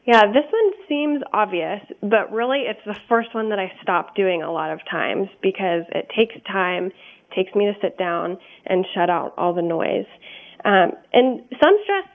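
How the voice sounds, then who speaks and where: A woman's voice: mid-range voice, animated, unhurried. Woman radio guest, candid and earnest, frequent ums, narrow tinny phone-style audio. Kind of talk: radio interview.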